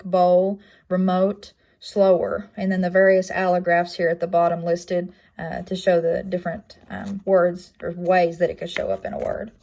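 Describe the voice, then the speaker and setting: A young woman walks through a class project presentation in an even, level tone with little rise or fall. Her voice sits a little low for a woman, and she leans on frequent ums and uhs as she goes. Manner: plain, with frequent um and uh fillers. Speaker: student presenter.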